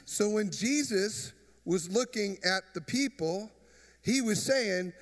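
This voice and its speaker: High-voiced pastor in a reverberant hall. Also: male voice, lively intonation, normal speed. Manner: conversational preaching with jokes and crowd questions. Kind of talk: sermon. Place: church.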